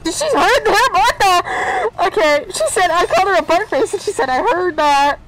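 A woman's voice: extremely high pitch, sing-song, moderate pace, over a noisy crowd, poor audio. A woman streaming a horror game, chatting to viewers and easily scared as she plays. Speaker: gaming YouTuber. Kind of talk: let's play commentary.

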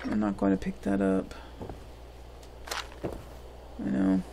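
A woman's voice: rumbling low, sing-song, a little fast, gravelly, background noise. A woman hosting a let's play, giving gameplay commentary and thinking aloud with muttered asides.

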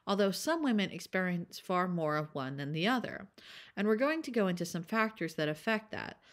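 A young woman hosting an educational commentary, blunt with sarcastic asides. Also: on the low side. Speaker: channel host.

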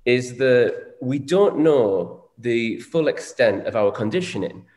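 A man's voice: mid-range voice, expressive, slow, a little mellow. Frank man in his forties. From Northern England. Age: 40s. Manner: frank, reflective, swears casually. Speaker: co-host. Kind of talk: candid conversational chat. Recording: echoey room with long reverb.

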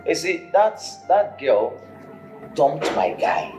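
A man's voice: a little high, takes it slowly. An actor playing a blunt, scolding male friend in a film drama, speaking with a Nigerian accent and slipping into pidgin. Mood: gossiping. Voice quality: lively, exclaiming, mixes in pidgin. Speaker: Benjamin's friend. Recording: echoey room, faint music.

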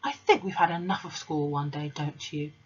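A woman doing a gentle, firm young teacher. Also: deep voice, steady tone, normal speed, slightly rough. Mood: kind. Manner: firm, unflinching, kind. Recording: dull lo-fi recording.

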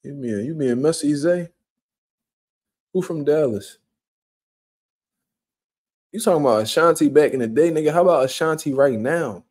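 Laid-back profane man with a mellow voice. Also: a little high, normal speed, long pauses. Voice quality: profane, laid-back slang-heavy talk. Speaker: livestream host. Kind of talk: casual livestream chat reading comments. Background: quiet room at home.

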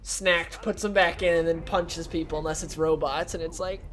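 A man's voice: fairly high pitch, fairly even intonation, moderate pace, a bit bright. A young man hosting a casual gaming video, chatting and rambling while he plays and reacts to the game. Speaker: gaming channel host. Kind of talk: casual let's-play commentary.

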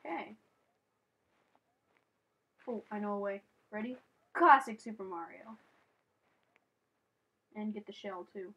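A woman playing a platform game on camera, chatting playfully and breaking into shrieks and yells as she plays. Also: mid-range voice, takes it slowly, long pauses, breathy edge. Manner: playful, talks to the game and her cat. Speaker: gaming channel host. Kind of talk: let's play commentary.

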